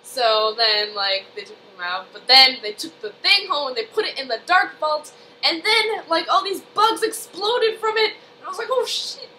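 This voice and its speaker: A woman's voice: high-pitched, animated, normal speed, bright, forceful tone, a little hiss or hum, poor audio. A young woman casually recapping a TV episode at home, gushing and rambling with lots of "like" and "um".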